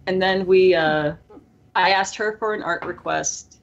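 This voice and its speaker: A young woman in her early twenties with a hoarse, strained voice, co-hosting a podcast and telling a long, rambling story with lots of fillers. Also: fairly low pitch, a little slow, dull audio. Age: early 20s. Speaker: podcast co-host. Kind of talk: casual podcast chat.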